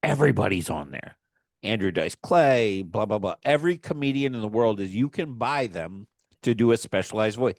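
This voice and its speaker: A man's voice: fairly low pitch, expressive, normal speed, darkish tone, dry recording. A man co-hosting a podcast, telling stories in a rambling, profane way and laughing mid-sentence. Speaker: podcast co-host. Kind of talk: casual chat.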